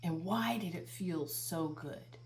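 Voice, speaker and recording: A woman's voice: lowish voice, slow, darkish tone. A woman tarot reader speaking earnestly to her viewers, asking one rhetorical question after another and repeating phrases as she gives spiritual guidance. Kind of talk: channeled spiritual guidance monologue.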